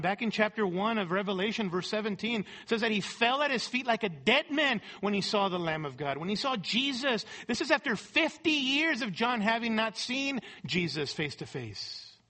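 A man preaches through scripture verse by verse with a high voice. His delivery is emphatic, and he repeats key phrases for stress. The sound is bright and forceful. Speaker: pastor. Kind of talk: sermon.

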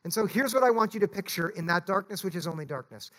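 A man's voice: high voice, expressive, fast, fairly bright tone. A male pastor preaching a sermon in a church, earnest and pleading, often urging his listeners to listen.

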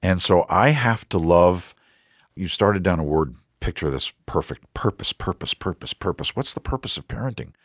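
A middle-aged man with a very deep, husky voice hosts a faith-based parenting podcast. He speaks earnestly, quotes scripture and acts out small exchanges between family members. The sound is close and dry. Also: expressive, moderate pace, no echo. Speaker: podcast host. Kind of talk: conversational Christian parenting talk.

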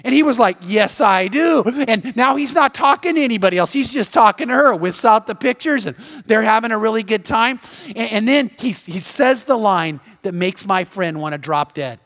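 A man preaching a sermon as pastor, telling a story in an animated way and acting out the voices of the people in it. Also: sits high, normal speed. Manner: animated, acts out quoted voices. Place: church sanctuary. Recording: long reverb of a large hall.

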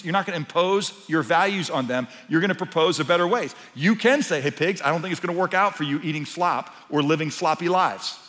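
A pastor preaches to his congregation with a voice pitched somewhat high for a man. He moves from hushed, intimate lines to loud, driving emphasis. His voice rings out with a long reverb tail, as in a large church hall. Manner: dynamic preaching, swinging from soft to loud. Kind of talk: sermon.

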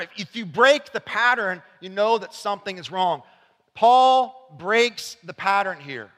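A man preaching a sermon to his church congregation in a conversational way, dropping to quiet asides and rising to shouted emphasis. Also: extremely high pitch, in a large hall. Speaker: pastor. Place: church sanctuary.

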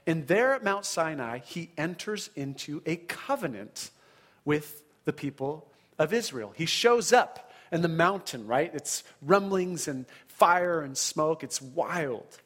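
Male pastor, slightly high voice, animated sermon delivery with dramatic scripture reading. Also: takes it slowly. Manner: animated preaching, frequent "right?" check-ins, dramatic scripture reading.

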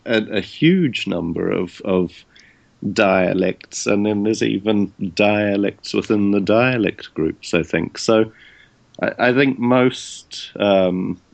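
Deep-voiced New Zealand man. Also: takes it slowly, gravelly. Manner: thoughtful, hesitant with many ums. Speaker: interviewee. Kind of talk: casual conversation.

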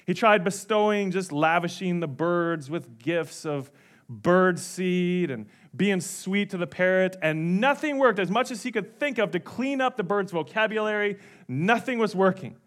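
A male pastor preaching a sermon, telling stories animatedly and dropping suddenly to a hush. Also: high-pitched, unhurried. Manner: animated storytelling with sudden drops to quiet.

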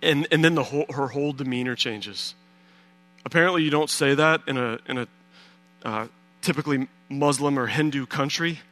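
A man delivers a sermon as a personal story, acting out his own reactions along the way. His voice is bright and forward at an ordinary middle pitch, and his telling is animated. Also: moderate pace. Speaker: pastor.

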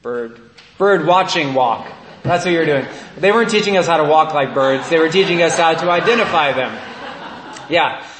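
A priest giving a relaxed, conversational sermon, telling stories and often checking in with his listeners by asking "right?". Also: on the high side, normal speed, reverberant, slight background noise. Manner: storytelling, often asks "right?".

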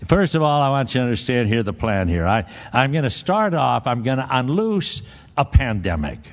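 A man voicing God as a sardonic deity calmly laying out a grim plan, in a deadpan, matter-of-fact way. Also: medium pitch, moderate pace, voice pushed down. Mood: wry.

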